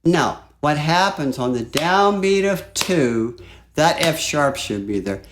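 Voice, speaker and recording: A man teaching flute in a relaxed, chatty way, walking through a piece and singing phrases aloud. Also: a little high, takes it slowly, noisy background. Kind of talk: music lesson. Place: home studio.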